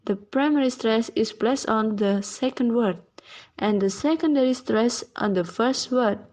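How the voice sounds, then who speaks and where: A woman's voice: on the high side, unhurried, a little mellow. A young woman student giving a class presentation, reading her points and examples carefully one by one.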